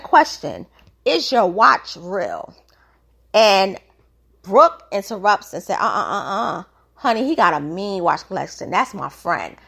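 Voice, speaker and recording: Female recap host, raspy with some gravel, lively and animated, acts out quotes. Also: medium pitch. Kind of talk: casual recap talk.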